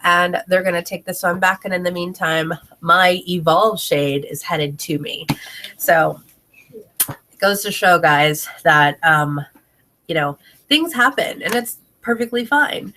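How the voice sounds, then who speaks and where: A direct sales consultant selling home products records a casual video tutorial at home on her camera mic, telling a chatty story to camera, laughing often and talking to her child between sentences. She sounds a bit congested, with a fairly low, sharp-toned voice and a slightly slow pace. There's slight background noise.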